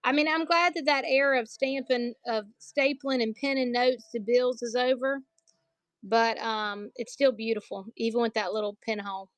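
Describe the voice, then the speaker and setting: A woman's voice: a little high, fairly even intonation, normal speed, dry recording. A woman selling collectible banknotes on a live stream, chatty and joking, calling her viewers y'all.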